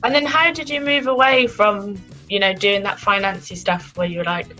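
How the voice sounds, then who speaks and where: Soft-spoken woman interviewer. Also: mid-range voice, fairly even intonation, moderate pace, soft background music, rough recording. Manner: soft, encouraging listener, frequent murmured agreement. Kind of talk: casual interview chat.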